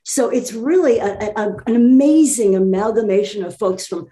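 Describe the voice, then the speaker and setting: Woman, mid pitch, enthusiastic, quick bursts, casual chat. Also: warm tone. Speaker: theater group guest.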